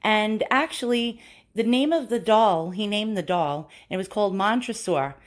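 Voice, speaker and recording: A woman's voice: mid-range voice, animated, normal speed, a little mellow. A woman with a New York accent chatting casually while showing an antique doll, filming on a phone held in one hand at home, laughing at herself as she goes. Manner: chatty, self-deprecating, laughs often. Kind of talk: casual show-and-tell. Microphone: handheld phone camera.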